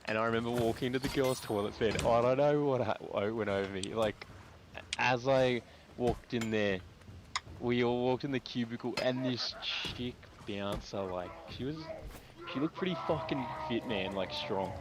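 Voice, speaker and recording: A man's voice: medium pitch, normal speed, over music. A young Australian man streaming, telling a long slangy story with lots of swearing. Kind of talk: casual chat while gaming on stream. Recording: noisy background.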